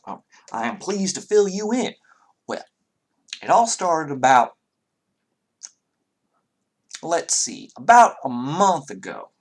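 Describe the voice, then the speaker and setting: A man's voice: on the high side, big pitch swings, slow, long pauses, voice pushed up, exaggerated voice. Man putting on a folksy Southern young lord. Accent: Southern US, put on. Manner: folksy, hospitable, rambling. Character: young blond man, cheerful lord of a horse town.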